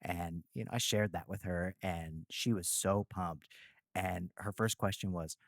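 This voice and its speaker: A man's voice: deep voice, a little slow, dry recording, studio quality. A Midwestern American man hosting a podcast, talking enthusiastically with lots of fillers and slang. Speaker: podcast host. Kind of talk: casual podcast chat.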